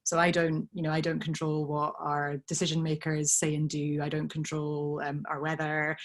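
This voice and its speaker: A woman with a slightly mixed Scottish accent, giving thoughtful, measured answers as an interview guest over a video call. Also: low voice, completely flat delivery. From Scotland. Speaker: guest, brand director.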